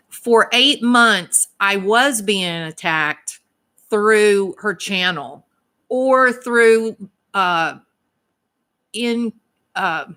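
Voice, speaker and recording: Bright-voiced Southern woman on a livestream. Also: mid-range voice. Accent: Southern American. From American South. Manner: indignant, emphatic, talks straight to commenters by name. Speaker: YouTube channel host reading live chat. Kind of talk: casual livestream chat.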